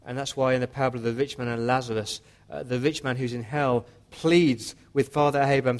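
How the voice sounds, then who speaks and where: A man's voice: medium pitch, fairly even intonation, fairly quick, few pauses. Earnest pleading male preacher. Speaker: pastor. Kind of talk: sermon.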